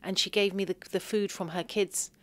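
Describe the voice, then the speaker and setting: A woman's voice: mid-range voice, steady tone, moderate pace, fairly bright tone. A woman, a podcast guest, tells a personal story with emotion and emphatic outbursts.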